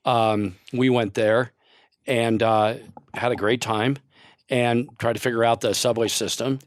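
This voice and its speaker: A man's voice: mid-range voice, steady tone, unhurried, no room sound, studio quality. Older man telling rambling stories. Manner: rambling storyteller, laughs often. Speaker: podcast guest. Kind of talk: casual chat.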